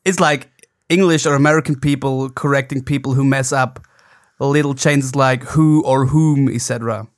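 A man's voice: medium pitch, fairly even intonation, moderate pace, no echo, studio quality. A man co-hosting a podcast in English, with a hesitant, filler-heavy way of talking. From Germany. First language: German. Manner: hesitant, searching for words with many fillers. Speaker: podcast co-host. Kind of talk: casual chat.

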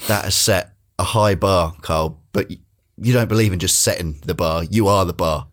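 A man's voice: low voice, normal speed. A man hosting a podcast, introducing segments in a wry, playful way. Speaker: podcast host.

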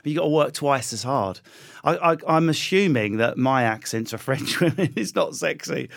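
A comedian with an Essex accent, chatting as a guest in a relaxed interview, riffing playfully on stereotypes. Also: male voice, mid-range voice, moderate pace, vocal fry. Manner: animated, jokey, riffs on stereotypes. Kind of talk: casual interview chat.

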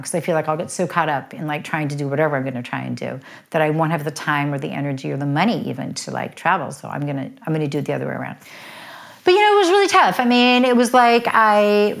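Interview guest: middle-aged woman, lowish voice, candid, talks fast and loose with filler words. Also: vocal fry. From United States. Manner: chatty, fast, full of "like" fillers. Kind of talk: candid personal storytelling.

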